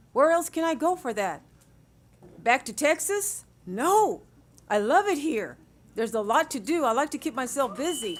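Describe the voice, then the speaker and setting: An older woman with a high voice speaks warmly at a public hearing. Her talk rambles from one thought to the next. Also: slight background noise. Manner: warm, rambling. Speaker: senior volunteer.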